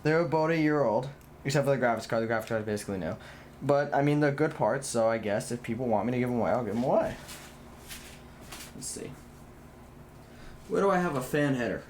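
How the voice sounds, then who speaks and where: A man's voice: medium pitch, lively intonation, fast, pauses often, slight background noise. Blunt, rambling young male streamer. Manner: rambling and blunt, swears, restarts sentences. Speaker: livestreamer. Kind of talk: casual live stream chat while building a PC.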